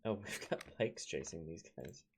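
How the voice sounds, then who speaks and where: With a low-pitched, lively voice at a moderate pace, a young Minnesotan let's play host gives casual commentary on a strategy game, chatting to his units. He hails from Minnesota, United States, and the background is noisy.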